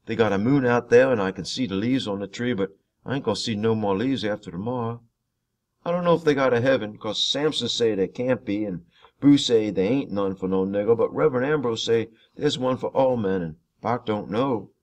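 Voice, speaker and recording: A man's voice: medium pitch, expressive, brisk. Man reading a novel aloud. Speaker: reader of a novel chapter.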